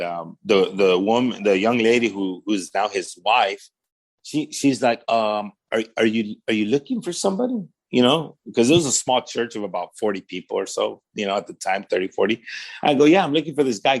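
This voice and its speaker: A man with a Southern California accent telling his testimony in casual storytelling style, acting out the voices in his quotes and filling with "man" and "right?". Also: lowish voice. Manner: conversational, fillers like "man" and "right?".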